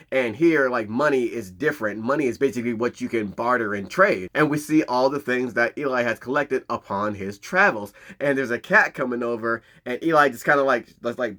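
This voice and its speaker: A man giving a casual movie recap in animated, slangy storytelling. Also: medium pitch. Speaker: movie commentator.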